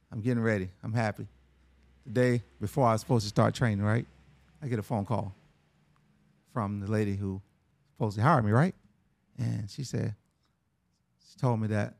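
A man's voice: mid-range voice, creaky, dry recording, studio quality. A middle-aged man telling a personal story in a casual, conversational way, often tagging lines with "right?" and "man".

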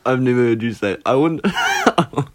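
Teasing New man, lively voice. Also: mid-range voice, moderate pace. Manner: teasing, laughs often. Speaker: podcast co-host. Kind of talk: casual chat.

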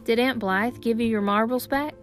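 An anxious modern boy, as a woman puts him on in an audiobook. His voice sits high and earnest, full of worry. Soft music runs underneath. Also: normal speed, lightly acted. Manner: earnest and worried.

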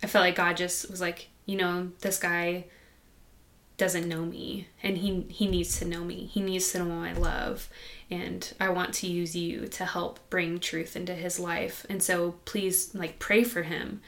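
A woman guest on a podcast, telling a personal faith story in a soft, halting, conversational way. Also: fairly low pitch, level tone. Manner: soft-spoken and halting, with many restarts.

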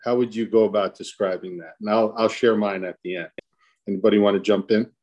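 Talking fast in a lowish, darkish voice with a steady tone, a man hosts a casual live online panel of dads. He rambles, jokes around and keeps restarting his sentences.

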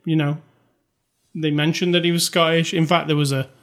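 A man's voice: on the high side, little pitch movement, normal speed, a bit bright. A man co-hosting a casual movie review chat, rambling and conversational with lots of fillers. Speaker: podcast co-host.

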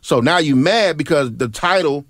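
A man's voice: fairly high pitch, moderate pace, a bit bright, dry recording, studio quality. A man hosting a casual podcast chat, telling stories and asking pointed questions. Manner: storytelling, asks pointed questions. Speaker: podcast host.

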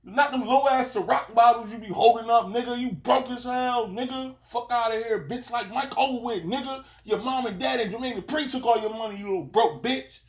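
A man's voice: extremely high pitch, a little fast, hardly any pauses. A man hosting a podcast, ranting in a brash, profane, trash-talking way with lots of repeated slang. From South Jersey. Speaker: podcast host. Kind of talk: profane solo podcast rant.

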